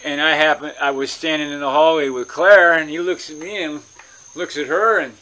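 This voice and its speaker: A man's voice: a little high, fairly even intonation, normal speed, bright, forceful tone. A man vlogger from California telling a long story in a casual, rambling way, with many restarts.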